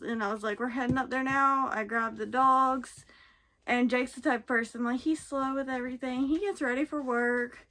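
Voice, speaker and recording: A woman's voice: on the high side, a bit bright, slight background noise. A tired young woman, chatting casually and rambling in a home vlog from her camper. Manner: chatty, rambling, says "y'all" and "freaking". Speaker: vlogger.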